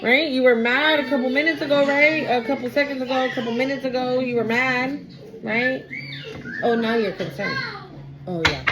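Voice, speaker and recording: A woman's voice: high voice, normal speed, background noise. A woman giving a casual tarot reading, blunt, emphatic and full of swearing. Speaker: tarot reader.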